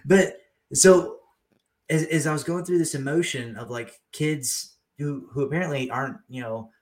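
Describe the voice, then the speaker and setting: A man's voice: a little high, normal speed. A young adult man from the United States, co-hosting a podcast in casual chat, telling stories with lots of laughter. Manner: animated storytelling, laughs often. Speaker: podcast co-host.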